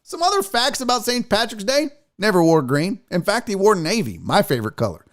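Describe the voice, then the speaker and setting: Man, comedic show host, loud, mocking, profane, very lively pitch, exaggerated voices. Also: brisk. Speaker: podcast host. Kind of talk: comedic sports talk show rant.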